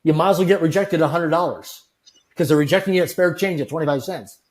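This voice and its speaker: A man's voice: on the high side, fast talker, darkish tone. Emphatic man telling a motivational story. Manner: earnest, repetitive, emphatic with quoted dialogue. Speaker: interview guest.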